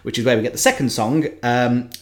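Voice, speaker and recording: A man in casual podcast chat, telling a film plot in an animated way with frequent asides. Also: medium pitch, brisk.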